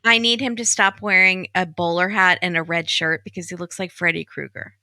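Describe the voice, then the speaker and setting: Very bright-voiced woman guest, chatty. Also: lowish voice, fairly even intonation, no room sound, clean studio sound. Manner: chatty, with quick asides and agreement. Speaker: podcast guest. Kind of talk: casual chat.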